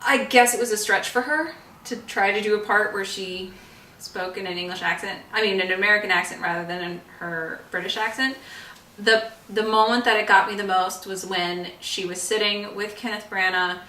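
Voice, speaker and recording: A woman's voice: medium pitch, steady tone, normal speed, bright, forceful tone, a little hiss or hum. A woman co-hosting a podcast, chatting casually about a movie. She laughs often and defends the film. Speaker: podcast co-host. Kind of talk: casual chat reviewing a movie. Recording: echoey room, mic set far off.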